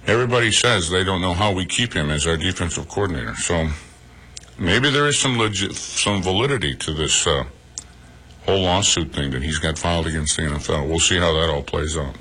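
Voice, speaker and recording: A man's voice: sits low, a little fast, pushed and bright, breathy edge. A man hosting a radio morning show, reading sports news and adding chatty opinions of his own. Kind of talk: sports news read with casual commentary.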